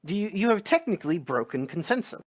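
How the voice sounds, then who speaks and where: A man's voice: high-pitched, big pitch swings, fast talker. A man voicing a stern political officer who lectures in a formal, pedantic way, his voice rising and falling widely as he argues. He treats every exchange in the tabletop role-play as a debate about consensus and doctrine. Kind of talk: in-character role-play chat.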